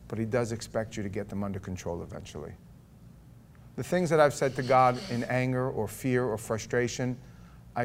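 A man leading a Bible study as pastor, reading scripture aloud and commenting in a folksy, conversational way, moving between quiet asides and loud emphatic passages. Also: mid-range voice. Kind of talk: conversational sermon.

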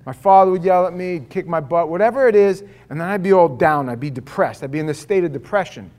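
The voice is high and fast: a middle-aged pastor preaching a sermon in a chatty, story-driven way. Some lines come out hushed and others loud, and he imitates the people in his stories.

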